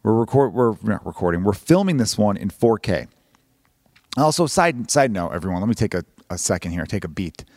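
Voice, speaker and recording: A man rambles quickly through a solo podcast intro, self-deprecating and loose with his swearing. His voice sits low, and the recording is dry and close, with no room sound. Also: big pitch swings, darkish tone, no echo. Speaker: podcast host and comedian. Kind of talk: casual solo podcast monologue. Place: home room.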